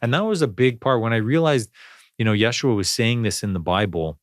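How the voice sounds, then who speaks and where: A man's voice: medium pitch, animated, a little fast, no echo, studio quality. A man hosting a podcast, talking in a rambling, reflective way with lots of fillers and restarts. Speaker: podcast host. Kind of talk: casual spiritual conversation.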